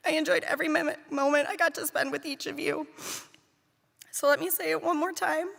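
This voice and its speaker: With a high, creaky voice and fairly even intonation, a nanny reads a eulogy for the two children she cared for, speaking a little fast. Her stories are heartfelt, tender, and fond. The large theater hall adds a long reverb.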